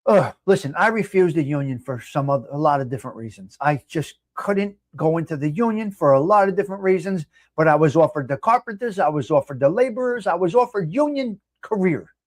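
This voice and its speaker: A man's voice: fairly high pitch, expressive, fairly quick, few pauses, no echo. A man in a heated, profane livestream rant, hosting his own show. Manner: angry, profane, shouting at times. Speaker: livestream host.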